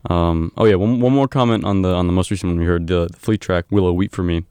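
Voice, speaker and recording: A man working as a radio DJ, casually back-announcing songs in a halting way, with many ums and uhs. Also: low-pitched, warm tone, clean tone, dry recording, clean studio sound.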